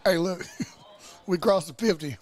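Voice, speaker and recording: A man giving color commentary on a high school football game with quick wisecracks and asides.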